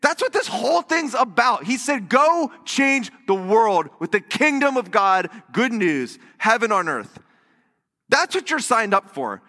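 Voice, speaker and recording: With an extremely high pitch and a measured delivery, a man preaches as pastor in a church sanctuary that has a big-room sound. His sermon is full of animated storytelling and acted-out quotes.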